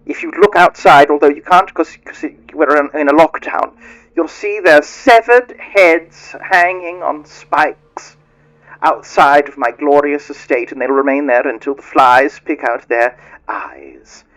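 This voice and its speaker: A man's voice: fairly high pitch, unhurried, a bit bright, pitched above the performer's own voice. A man voicing a pompous, menacing male rat lord broadcasting a decree over tinny, muffled speaker pipes. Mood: gloating.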